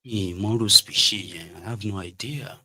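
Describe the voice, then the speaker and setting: This Nigerian man, whose accent carries Yoruba inflections, gives lively political commentary while mixing Pidgin, Yoruba, and English and imitating people with derision. His lowish, slightly rough voice moves at normal speed.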